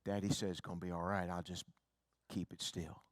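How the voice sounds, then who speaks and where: A middle-aged man, an evangelist, preaching a revival sermon that moves from hushed, tender storytelling to loud, rising appeals. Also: deep voice, flat delivery, brisk, no room sound, clean studio sound.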